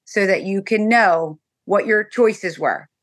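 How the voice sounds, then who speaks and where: At a slow pace and medium pitch, a middle-aged woman who is a guest mother relates an emotional personal tale, performing the dialogue in an animated way.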